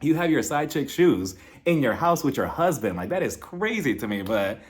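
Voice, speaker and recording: A man's voice: sing-song, normal speed. A man recapping a reality show in casual, sarcastic commentary, often acting out what people said. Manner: sarcastic, gossipy, acts out quotes in a high voice. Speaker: reality TV reviewer.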